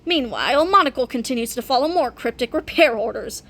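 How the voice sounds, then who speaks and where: Bright high-voiced woman reading aloud. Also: lively intonation, brisk. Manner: playful, shifts voices for each character. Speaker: reader of a comic book aloud. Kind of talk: reading a comic book aloud.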